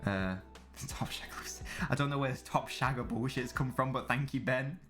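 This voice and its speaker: A man's voice: medium pitch, normal speed, a bit bright, faint music behind. A man chatting casually as a live streamer during a football watchalong, rambling and swearing freely while answering chat.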